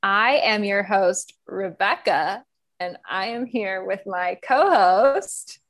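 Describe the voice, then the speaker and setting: A woman's voice: medium pitch, expressive, slow, a bit bright. A young woman hosting a podcast in casual chat, cheerful and playful, laughing often, recorded over a remote call. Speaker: podcast host.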